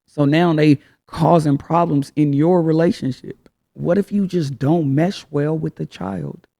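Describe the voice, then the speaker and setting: A man's voice: on the high side, steady tone, measured pace, vocal fry, dark tone. A man hosting a casual advice talk, speaking frankly in slang and firing off rhetorical questions. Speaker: host.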